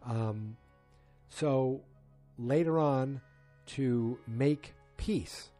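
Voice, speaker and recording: Man, relaxed mellow tone, loose rambling recap of a show, halting and casual. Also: mid-range voice, faint music behind. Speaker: TV episode recapper. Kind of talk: casual spoken episode recap.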